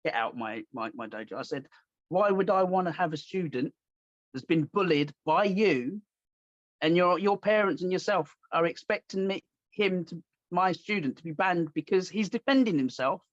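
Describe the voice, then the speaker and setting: A man hosting a podcast, telling stories in a casual, animated way and acting out the voices of the people he quotes. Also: high-pitched, moderate pace, no room sound. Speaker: podcast host. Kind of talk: casual storytelling chat. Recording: dull lo-fi dry sound.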